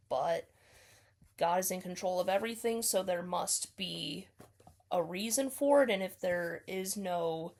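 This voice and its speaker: A woman's voice: lowish voice, vocal fry. A woman talking through her reading of a poem, tentative and full of ums, often hedging and correcting herself. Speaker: student explaining a poem. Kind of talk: casual spoken poetry analysis.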